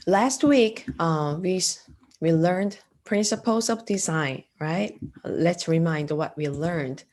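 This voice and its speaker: Slow, hesitant woman teaching art. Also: lowish voice, darkish tone. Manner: slow and hesitant, with frequent fillers and throat clearing. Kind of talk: lecture.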